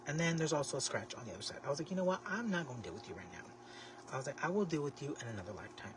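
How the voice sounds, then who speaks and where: A man hosting a casual craft livestream, chatting to viewers in a sassy, expressive way with lots of exclamations. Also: medium pitch, fast, far from the mic. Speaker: livestream host making a craft basket. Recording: steady background noise.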